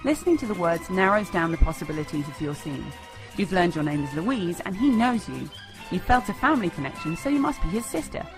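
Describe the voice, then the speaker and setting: A woman's voice: on the low side, a little fast, over music. A woman giving a playful, scripted lesson on improv comedy. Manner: playful, lively, jumps into character voices. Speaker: improv teacher. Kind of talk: scripted instructional narration.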